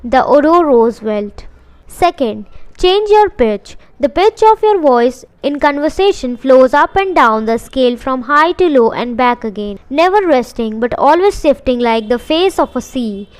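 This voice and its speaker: A woman hosting her channel and reading a self-help book aloud, slow and deliberate, lingering on the key words. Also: high voice, lively intonation. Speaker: audiobook reader and channel host.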